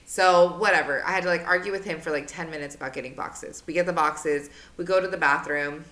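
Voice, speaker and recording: A young woman in her twenties who co-hosts a podcast, telling a story casually, animated and swearing a lot. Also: low voice, a little fast. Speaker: podcast co-host. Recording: roomy echo.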